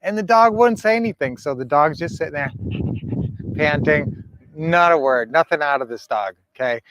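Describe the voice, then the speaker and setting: A man's voice: on the high side, brisk, a bit bright, dry recording. Folksy middle-aged man coaching, dry sound. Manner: rambling, folksy, full of fillers. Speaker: real estate coach, show host. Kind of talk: casual coaching livestream.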